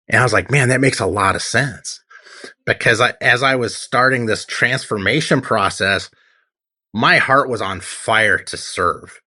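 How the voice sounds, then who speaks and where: A man's voice: mid-range voice, measured pace, bright, forceful tone. A man in his forties, a tattoo artist, giving a heartfelt personal testimony in an interview, acting out what he once said. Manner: earnest storytelling, acts out his own past lines.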